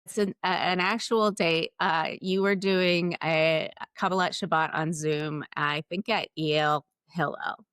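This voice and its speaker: A woman hosts a live interview, speaking in earnest, thoughtful phrases. Her voice sits fairly low. The sound is dry and close, with no room echo. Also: steady tone, a little slow, hardly any pauses, a bit bright, clear, resonant tone. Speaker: podcast host.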